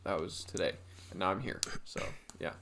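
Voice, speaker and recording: A man's voice: deep voice, normal speed, creaky, a bit bright, a little hiss or hum. A young man co-hosting a podcast, telling a rambling story with lots of fillers in casual chat. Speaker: podcast co-host.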